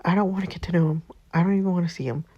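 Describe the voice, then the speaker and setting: A woman's voice: fairly low pitch, steady tone, racing, breathy edge, dry recording, dull audio. A woman reading the lines of a possessive, blunt young wife in a story game, and its narration.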